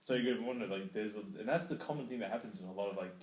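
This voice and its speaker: A man's voice: lowish voice, racing, darkish tone. A man, co-hosting a casual podcast and rambling through his points with lots of fillers and restarts. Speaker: podcast co-host. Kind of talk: casual chat. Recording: echoey room with faint hiss.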